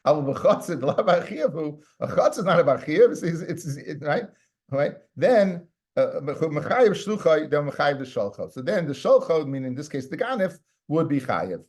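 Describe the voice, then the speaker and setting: A man's voice: a little high, very animated, moderate pace, darkish tone. Conversational male rabbi teaching Talmud. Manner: conversational, repeats words, mixes Hebrew and Aramaic terms. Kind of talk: Talmud study lesson.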